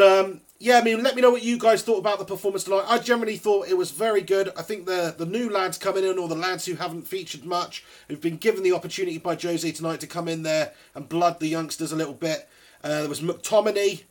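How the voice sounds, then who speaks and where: A young man hosting a live post-match football reaction stream, chatty and excitable, a bit out of breath. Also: high voice. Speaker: football fan channel host.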